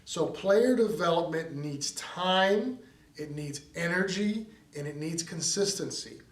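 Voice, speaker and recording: Earnest coach in a roomy, distant recording. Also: male voice, fairly high pitch. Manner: earnest, conversational, frequent fillers and restarts. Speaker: baseball coach. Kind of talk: direct-to-camera advice talk.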